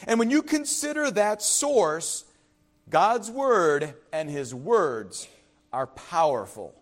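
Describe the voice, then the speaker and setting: A man preaches as pastor, slowly and very animated, with a voice that sits high. He is emphatic and repetitive, tossing in frequent "right?" asides and moving between loud declarations and quiet, confiding remarks.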